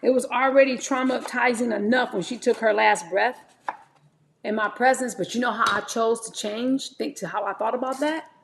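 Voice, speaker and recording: Forties woman, livestream host, fry in the voice, candid talk to viewers while prepping fruit. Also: fairly high pitch, normal speed, noisy background. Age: 40s. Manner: chatty and candid, often calls viewers "y'all". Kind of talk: casual livestream chat while preparing fruit.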